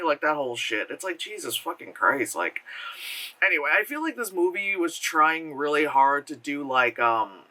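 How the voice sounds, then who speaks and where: Rambling American man, bright voice, in pain. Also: fairly high pitch, sing-song, normal speed, low-quality recording. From United States. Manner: rambling, self-interrupting, sarcastic, laughs often. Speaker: movie reviewer. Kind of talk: casual rambling review.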